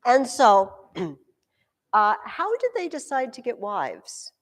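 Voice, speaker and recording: A woman teacher giving a classroom history lesson, telling the story in an animated, joking way. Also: a little high, slow pace. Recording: echoey room with long reverb.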